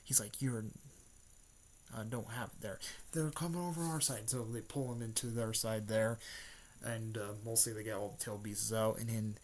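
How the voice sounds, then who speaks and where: A man casually retelling a story, rambling with lots of fillers and frequent throat clearing. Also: fairly low pitch, fairly even intonation, moderate pace, slight background noise.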